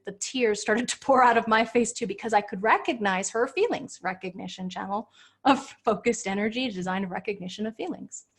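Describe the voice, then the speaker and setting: A woman coach leading a live group session, gently guiding listeners into their feelings and explaining. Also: mid-range voice. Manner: soothing, guiding, speaks slowly when leading feelings. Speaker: Human Design coach.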